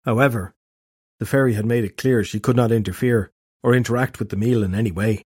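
Male narrator for fantasy audiobook; steady, husky, dry booth sound. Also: mid-range voice, fairly quick, no echo.

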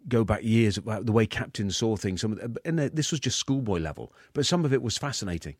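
A man in his fifties, a guest in an interview, talking in a halting way with many restarts. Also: on the low side, lively intonation, no room sound, studio quality.

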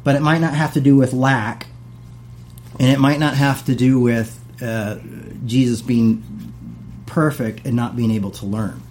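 A man's voice: mid-range voice, steady tone, unhurried, a little mellow, a little hiss or hum. A middle-aged man hosting a casual talk, reading passages aloud and paraphrasing them with many asides.

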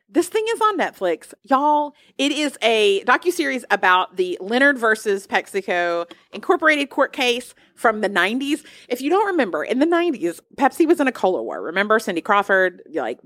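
Animated chatty woman podcast host. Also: medium pitch, dry recording, clean studio sound. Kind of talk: casual pop-culture chat.

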